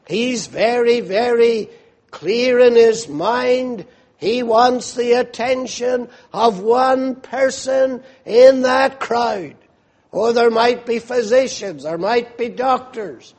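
Male preacher, high voice, slow measured storytelling sermon. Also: darkish tone. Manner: vivid storytelling, asks listeners to picture the scene.

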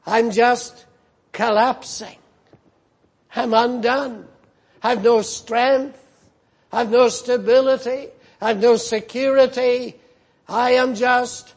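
A man preaching a sermon, slow and emphatic, repeating his phrases for weight. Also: very high-pitched, vocal fry.

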